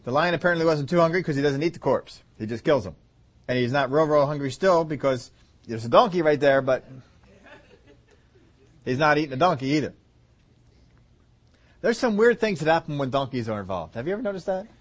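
A man's voice: a little high, expressive, fairly quick, long pauses. A man preaching a sermon, joking and acting out the story in voices. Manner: humorous, acts out scenes in voices, laughs often.

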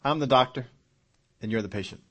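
A man voicing a gentle, grave doctor. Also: mid-range voice, brisk, lightly acted. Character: gentle, sad middle-aged male doctor.

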